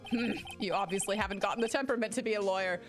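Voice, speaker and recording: A woman voicing a fussy older male law firm boss in a lowered, fatherly reading voice. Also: racing, soft background music, close to an everyday voice. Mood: chiding.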